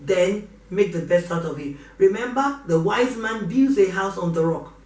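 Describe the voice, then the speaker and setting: A woman's voice: medium pitch, animated, normal speed, darkish tone. A middle-aged woman pastor, preaching with passion and repeating her pleas. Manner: impassioned, repeats exhortations. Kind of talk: preaching sermon. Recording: roomy echo from a distance.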